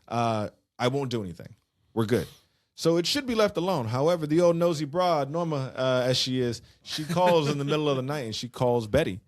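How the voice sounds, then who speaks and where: A man co-hosting a podcast, casually recapping a musical's plot in an animated, slangy way. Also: a little high, brisk, hardly any pauses, no echo, studio quality. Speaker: podcast co-host.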